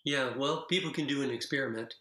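A man's voice: medium pitch, fairly quick, pushed and bright. Playful man in an echoey room. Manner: playful, demonstrates laughs. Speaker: guest, laughter practice teacher. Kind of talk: casual interview chat.

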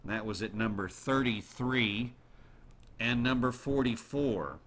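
A man hosting a show, chatting casually to his listeners in an animated way and throwing questions at the audience. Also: medium pitch, unhurried. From United States. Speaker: radio show host.

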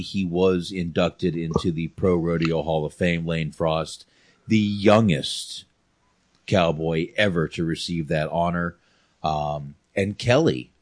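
A man's voice: low-pitched, no echo. A man from North Carolina hosting a casual movie review chat, rambling with frequent restarts and fillers. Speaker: podcast host.

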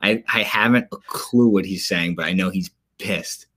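A man co-hosting a podcast, chatting casually about sports with animated storytelling and quick asides. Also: low voice. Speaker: podcast co-host.

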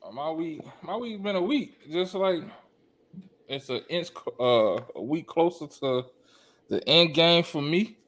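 A man in casual podcast chat, calm and plainspoken in his delivery. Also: a little high, measured pace.

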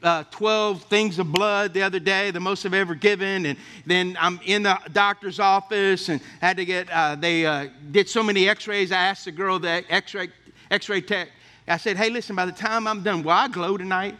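A middle-aged male pastor preaching a sermon with a high, bright voice. He tells personal stories in a folksy, chatty way and keeps turning to the congregation for an amen or a nod. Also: steady tone, moderate pace. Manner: folksy storytelling, asks the congregation for responses.

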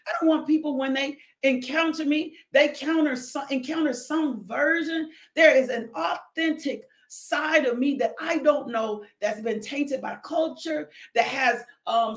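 A woman hosting a devotional podcast, preaching fervently with shouted exclamations and joyful whoops, pausing to sip her coffee. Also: high voice. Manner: sips coffee while talking.

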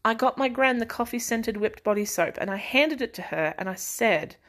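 A woman's voice: fairly high pitch, expressive, moderate pace, a bit bright. A young woman, casually rambling through family stories as a podcast host, laughing and sighing often. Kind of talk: casual chat.

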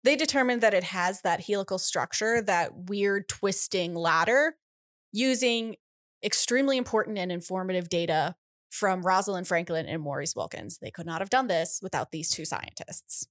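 A young adult woman co-hosting a casual science podcast, explaining clearly and laughing easily. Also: mid-range voice, normal speed, no echo, studio quality. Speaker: podcast co-host.

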